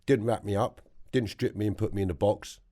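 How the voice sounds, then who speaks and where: A man with a London accent telling his story as a podcast guest, blunt and animated, swearing freely. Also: fairly low pitch, fairly quick. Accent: London English. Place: podcast studio.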